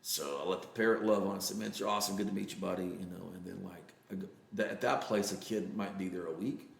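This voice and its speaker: Gravelly, low-voiced Texan man telling a story. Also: steady tone, echoey room. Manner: earnest, halting storyteller with many fillers. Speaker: interview guest. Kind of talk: casual storytelling interview.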